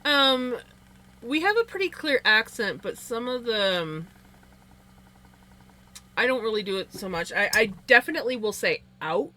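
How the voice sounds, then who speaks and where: A sleepy livestream host with a Canadian accent chats casually while reading viewer comments, rambling, restarting often, and letting out little laughs. Her voice is slightly high, expressive, and sharp-toned. She talks at a normal speed but leaves long pauses.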